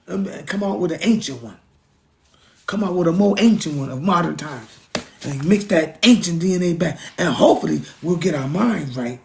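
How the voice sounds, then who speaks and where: A man's voice: fairly high pitch, expressive, moderate pace, gravelly. A middle-aged man from the United States, ranting in a casual monologue, emphatic, preachy and repetitive, with frequent profanity. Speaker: vlogger.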